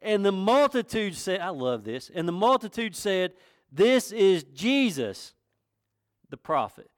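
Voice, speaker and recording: High-voiced Southern pastor preaching. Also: male voice, big pitch swings, measured pace, dry recording, clean studio sound. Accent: North Carolina Southern US. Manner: folksy, conversational, rising to emphatic questions. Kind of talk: sermon. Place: church.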